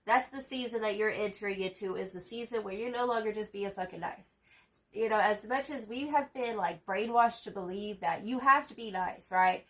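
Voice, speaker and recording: With a medium-pitched, somewhat bright voice at a moderate pace, a young tarot reader gives a laid-back reading. She pumps up the viewer with catchphrases she keeps repeating, her speech emphatic, profane, slangy and packed with fillers.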